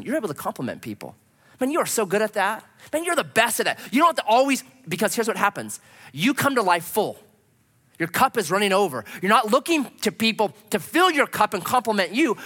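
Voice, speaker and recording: A man preaching to a congregation, his slightly high, bright voice leaping up and down in pitch. He delivers his sermon in an animated style and keeps asking rhetorical questions. His words ring out with the long reverb of a large hall. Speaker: pastor.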